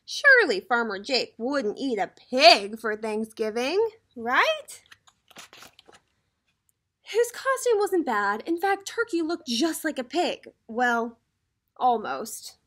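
A teacher reads a picture book aloud to young children and keeps turning to talk with them. Her voice is high and very animated, rising and falling as she tells the story. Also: slow. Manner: animated storybook reading, addressing kids directly.

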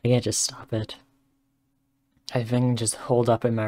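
A man with a hoarse, worn-down voice gives rambling, excitable live commentary while streaming a game from his room. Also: medium pitch, normal speed, long pauses, loud music behind the voice. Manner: rambling and excitable, joking and laughing. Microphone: desk microphone.

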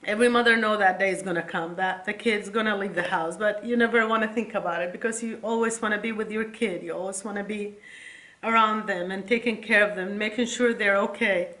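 A middle-aged woman reading old letters from her sons aloud, tender and halting, close to tears. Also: mid-range voice, steady tone, a bit bright. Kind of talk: emotional casual vlog reading.

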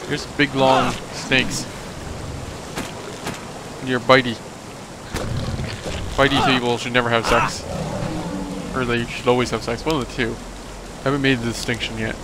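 A man's voice: medium pitch, level tone, measured pace, pauses often. A young man commenting on his game as a let's play host, joking and rambling and talking back at the enemies. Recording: noisy home recording.

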